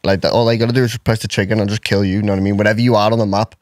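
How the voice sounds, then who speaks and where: A man's voice: on the low side, level tone, rapid-fire, no room sound, clean studio sound. A young man guesting on a podcast, easygoing, repeating himself, saying "innit" and "you know what I mean". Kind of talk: casual chat.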